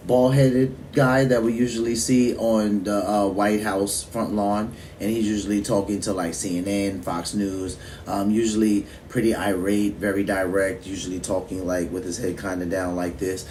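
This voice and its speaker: A man's voice: fairly low pitch, darkish tone, slight background noise. A man hosting a reaction stream, casually explaining background to his viewers. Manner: laid-back, explaining to viewers.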